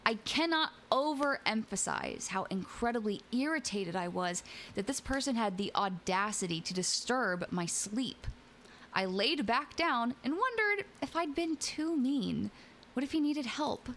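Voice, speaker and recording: A young woman streams live, switching between reading spooky stories aloud and greeting her chat in a playful, giggly way. Her voice sits at an everyday middle pitch. A faint hiss of noise sits under the recording. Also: lively intonation, unhurried, fairly bright tone. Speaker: VTuber streamer and host.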